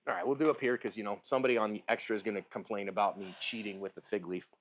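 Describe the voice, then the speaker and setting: A man's voice: on the low side, steady tone, very fast. A man giving casual firearms instruction at a shooting range, talking informally and checking in with his listener. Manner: chatty, informal, asks "right?" and "okay?" often.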